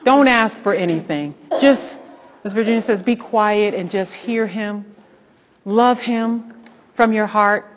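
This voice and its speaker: A woman hosting a Christian devotional talk, preaching fervently and rising into excited exhortation. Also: medium pitch, slow, big-room sound, a little hiss or hum. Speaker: host.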